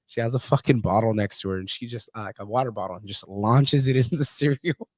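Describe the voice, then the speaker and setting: A man's voice: fairly low pitch, quick pace, a little mellow, a little hiss or hum. A man hosting a podcast in casual chat, telling stories with lots of swearing and laughter. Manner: profane, laughing storyteller. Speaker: podcast host.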